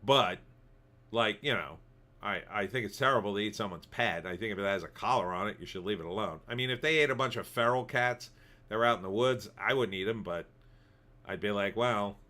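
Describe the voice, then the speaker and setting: A man's voice: lowish voice, brisk, sharp tone. A man hosting a livestream, rambling casually as he reads viewer comments. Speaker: livestream host. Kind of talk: casual commentary reading chat.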